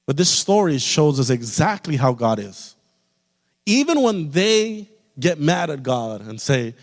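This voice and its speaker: A man preaching a sermon as pastor, building to loud, fervent peaks and then dropping soft. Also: a little high, big pitch swings, unhurried. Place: church sanctuary. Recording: long reverb of a large hall.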